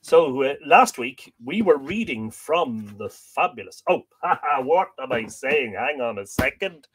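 A man's voice: medium pitch, big pitch swings, measured pace, background noise. An Irish man hosting a casual livestream, greeting viewers by name and making jokes as he reads out their comments. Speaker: livestream host.

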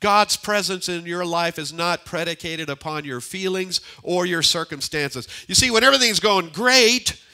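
An older man preaching a sermon as pastor, swinging between emphatic lines and hushed near-whispers and repeating key phrases. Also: high-pitched, moderate pace, hardly any pauses. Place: church sanctuary.

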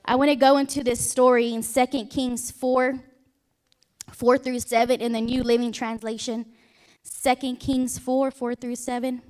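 A woman's voice: a little high, a little mellow. A woman pastor preaching a Sunday sermon in a chatty way, asking the congregation questions and joking aside. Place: church sanctuary.

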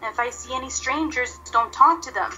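A woman's voice: high-pitched, a little fast, sharp tone, lo-fi sound, faint music behind. A woman voicing a playful, restless young lioness cub who whines impatiently.

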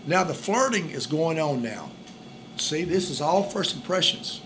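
A man with a slightly high voice, lively intonation and a measured pace co-hosts a joking, casual chat about dating and hands out tips. He rambles and repeats himself, leaning on "and all" and "it's like." The background is noisy.

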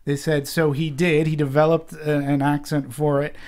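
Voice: medium pitch, little pitch movement, normal speed, darkish tone. A co-host in a casual movie discussion who thinks aloud, hesitating and repeating words. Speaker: podcast co-host.

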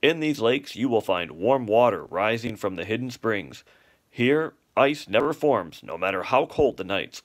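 A man's voice: fairly low pitch, animated, unhurried. A man voicing a long-winded, pompous father swan in a storybook reading, delivering grand lecturing speeches. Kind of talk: storybook read-aloud.

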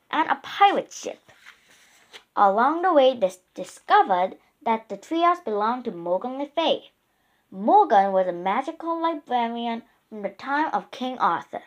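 Woman narrator for a children's storybook, slow and unhurried, expressive. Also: high-pitched.

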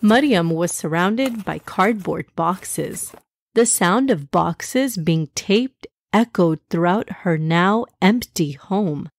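A woman narrating a children's story in a gentle, expressive way. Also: fairly low pitch, takes it slowly.

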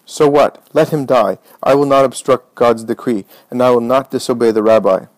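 A man's voice: mid-range voice, fairly even intonation, moderate pace, no room sound, natural voice, low-quality recording. Man reading as fierce, commanding devout woman. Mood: wrathful. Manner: forceful, commanding. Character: fiery devout repentant woman, fearless.

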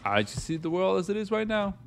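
A man giving jokey let's-play commentary on a horror game, talking to himself and breaking into panicked yelling. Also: high voice, very animated, quick pace, vocal fry, slight background noise. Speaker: gaming YouTuber.

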